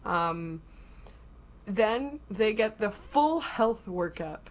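A woman in a casual podcast chat with a middle-pitched voice. She explains things at length and in detail. Her talk is loose and full of "like" fillers. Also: expressive, drawn-out words.

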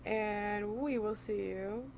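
A woman co-hosting a podcast in casual chat, playful and quick to laugh. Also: mid-range voice, vocal fry, a little mellow, slight background noise. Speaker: podcast co-host.

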